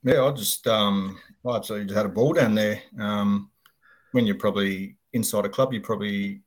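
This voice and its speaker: A middle-aged man with an Australian accent, a guest in a casual interview, talking in a relaxed way with many pauses and ums. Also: fairly low pitch. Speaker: guest, retired footballer.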